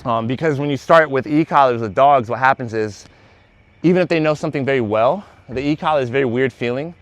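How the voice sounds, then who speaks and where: A man, a dog trainer, talking through training in a casual vlog while he works a dog outdoors, out of breath and very animated. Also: fast, no echo. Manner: very animated, high excited praise to the dog.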